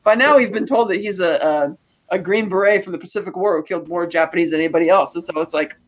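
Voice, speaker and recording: A man's voice: high voice, fairly even intonation, fast talker, lo-fi sound. A man co-hosting a podcast, animatedly retelling a movie scene and acting out the characters' lines. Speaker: podcast co-host. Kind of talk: casual film recap.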